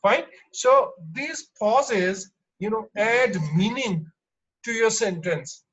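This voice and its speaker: A man teaching an online exam-prep lesson, explaining slowly with lots of fillers and restarts. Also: high voice, expressive, fairly bright tone, slightly rough, highs cut off. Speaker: English teacher.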